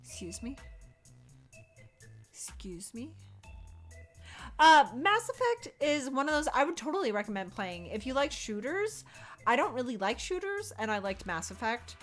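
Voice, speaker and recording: A woman's voice: high-pitched, moderate pace. Young woman streamer rambling about games, laughs a lot, swears, faint music behind. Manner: animated, laughs often, swears, acts out quotes. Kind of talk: casual chat.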